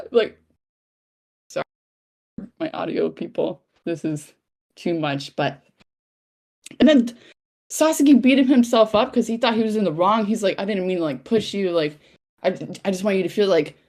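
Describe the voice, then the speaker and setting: A woman co-hosting a casual podcast, gushing excitedly and acting out her own reactions. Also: lowish voice. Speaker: podcast co-host. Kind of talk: casual chat.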